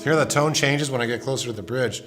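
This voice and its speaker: A man giving a casual guitar lesson, explaining in a relaxed way and repeating words as he demonstrates. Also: medium pitch, quick pace. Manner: relaxed, thinks aloud, repeats words while playing. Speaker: guitar teacher. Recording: guitar music in the background. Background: acoustic guitar playing.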